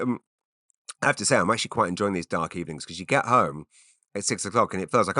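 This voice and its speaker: Rambling, bright-voiced man, dry close sound. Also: low-pitched, fast, no echo. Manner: rambling, self-interrupting, frequent stammered restarts. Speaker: podcast host. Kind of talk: rambling solo podcast monologue.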